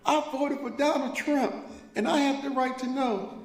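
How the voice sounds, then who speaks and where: A man putting on the voice of an angry middle-aged woman who yells and insists on her demands. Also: very high-pitched, fairly even intonation, moderate pace, reverberant, pitched above the performer's own voice. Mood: demanding. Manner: yelling insistently.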